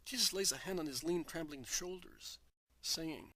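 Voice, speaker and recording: A man narrating a devotional text in an earnest, measured manner. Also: on the high side, bright, forceful tone, no room sound. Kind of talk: scripted devotional reading.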